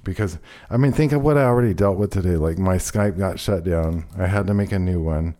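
Laid-back, dark-voiced male talk host. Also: low voice, brisk. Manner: loose, profane, laid-back banter. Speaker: radio show host. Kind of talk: casual talk radio.

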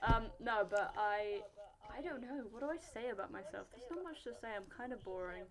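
A woman's voice: a little high, expressive, fairly quick, a crowd in the background. A teenage girl with an English accent co-hosting a podcast over a video call, blunt and teasing, swearing freely. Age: teens. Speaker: podcast co-host. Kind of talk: casual chat.

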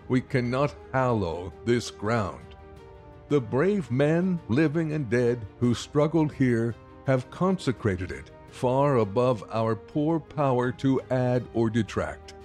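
A man voicing a solemn male statesman who delivers a memorial address at a slow, unhurried pace. Each phrase comes out grave and deliberate, in a middle-pitched voice. Faint music plays underneath. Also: darkish tone. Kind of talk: dramatic reading.

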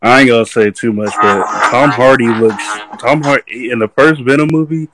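A man's voice: medium pitch, normal speed, very noisy. A young man joining a live stream as a guest, telling stories in chatty slang and laughing easily. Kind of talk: casual chat.

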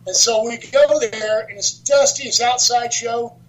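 A man with a notably high voice spins old stories in a loose, chatty way. He laughs through his own punchlines and swears without a second thought. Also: measured pace, slight background noise, poor audio. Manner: animated storyteller, laughs often, swears freely. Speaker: wrestler and author, guest. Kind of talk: casual storytelling interview.

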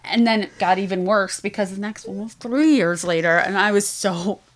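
A woman's voice: mid-range voice, normal speed. A woman co-hosting a book podcast in casual chat, telling stories with animation and acting out quotes. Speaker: podcast co-host.

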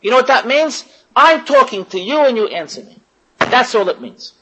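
A woman's voice: on the high side, very animated, moderate pace, sharp tone, husky, rough recording. A woman giving an impassioned religious lecture to women, repeating phrases and putting questions to her listeners. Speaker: religious teacher.

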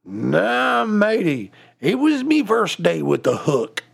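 A man's voice: sits high, huge pitch swings, slow pace, creaky, breathy edge, exaggerated voice. A man voicing a grizzled old male pirate who growls "arr" before he answers, in a told joke. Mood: gruff.

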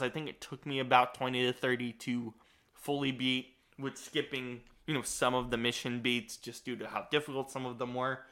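Young guy chatting on a podcast, bright voice, rambly and animated. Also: medium pitch. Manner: rambling, animated retelling with laughs and restarts. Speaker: podcast co-host. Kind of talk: casual chat.

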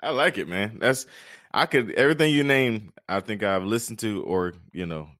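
A man's voice: lowish voice, normal speed, fairly bright tone, no echo, studio quality. A man hosting a podcast, talking in a laid-back, joking way and laughing often. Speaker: podcast host. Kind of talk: casual podcast conversation.

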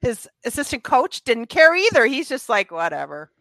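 A woman's voice: high voice, animated, moderate pace, a bit bright, dry recording. A woman co-hosting a podcast, chatty and teasing, laughing often as she talks about a movie. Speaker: podcast co-host. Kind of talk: casual movie discussion.

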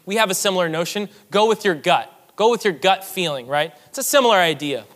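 Male pastor, high voice, earnest emphatic preaching that repeats its key lines, long reverb around him. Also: animated, a little fast, a bit bright. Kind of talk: sermon.

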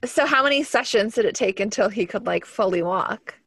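A woman's voice: mid-range voice, animated, fairly quick, fairly bright tone, breathy edge, no room sound. A woman hosting an interview, reacting with surprised exclamations and asking follow-up questions. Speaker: interviewer host. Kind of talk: casual interview.

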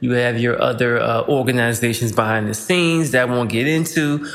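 A man holds forth on his podcast in a relaxed, rambling monologue full of slang. His voice sits at a middle pitch. Every phrase trails off into a long, hall-like reverb. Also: moderate pace. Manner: loose, rambling, slangy, breaks into rhymes. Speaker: podcast host. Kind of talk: casual monologue.

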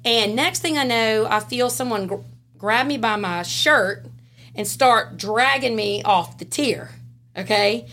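Animated Southern woman telling a story. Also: on the high side, unhurried. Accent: Louisiana Southern US. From Southern United States. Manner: animated, laughing, swings between loud and hushed. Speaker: podcast guest, former prison classification officer. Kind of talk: casual storytelling.

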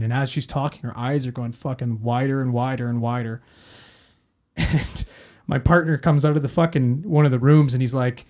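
A man's voice: medium pitch, steady tone, moderate pace, a little mellow. A man, a paramedic telling a story in casual talk, rambling and swearing a lot. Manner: heavy swearing, rambling with fillers.

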